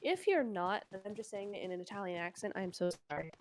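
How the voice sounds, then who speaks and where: A woman casting a mobile shooter tournament live, chatty and quick to exclaim at the action. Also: mid-range voice, a little hiss or hum. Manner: excitable, chatty, exclaims often. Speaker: esports caster. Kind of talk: live play-by-play commentary.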